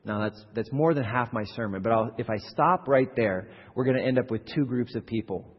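A man preaching a sermon as pastor, animated and acting out quoted voices, with frequent repeated words. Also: medium pitch, brisk. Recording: muffled hall recording from a distance.

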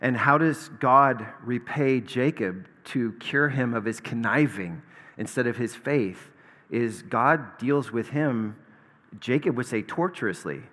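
A man's voice: mid-range voice, expressive, unhurried, a bit bright. A man preaching in a reverberant hall. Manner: conversational preaching with asides and humor. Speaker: pastor. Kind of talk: sermon.

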